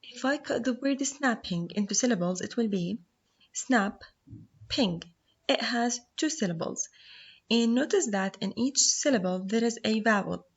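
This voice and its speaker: A woman whose first language is Arabic, teaching a phonics lesson, explaining slowly and sounding out words syllable by syllable. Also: fairly high pitch, expressive, slightly rough, dull audio.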